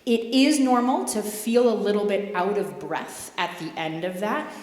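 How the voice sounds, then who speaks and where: A woman guides a group through yoga postures and breathing in a calm, gently inviting voice. Her cues land in a large hall that rings with long reverb. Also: medium pitch, unhurried. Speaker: yoga guide at a spiritual center. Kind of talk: guided movement and breathing instruction.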